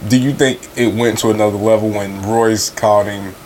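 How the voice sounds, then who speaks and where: A man with a fairly low voice chatting on a podcast. He keeps things brief and relaxed, mostly asking questions. Faint ambience hums behind him. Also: moderate pace, a little hiss or hum, rough recording. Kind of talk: casual hip-hop discussion.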